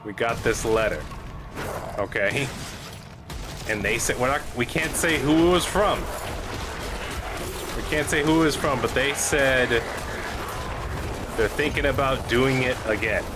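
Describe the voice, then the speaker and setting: A man's voice: medium pitch, a little slow, long pauses, noisy background. A man casually rambling and joking while playing a game, as the host of his channel. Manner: rambling, joking, with frequent restarts. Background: game music.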